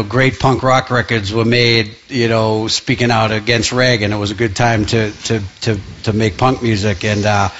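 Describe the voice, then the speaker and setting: Passionate musician man, halting speech. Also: medium pitch, a bit bright, dull audio, slight background noise. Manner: passionate, restarts often, many fillers. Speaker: musician guest. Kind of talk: radio interview.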